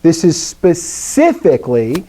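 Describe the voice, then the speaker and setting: Guy teaching class, mellow voice, a bit high, walks students through rules with little jokes. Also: slow, husky. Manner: lively, explaining step by step, jokey asides. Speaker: Greek teacher. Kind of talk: classroom lecture.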